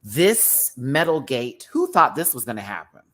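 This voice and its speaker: A man delivers a casual reaction rant as a show reviewer. He is sassy and animated, laughs often and swears without holding back. His pitch leaps around expressively as he talks. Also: measured pace.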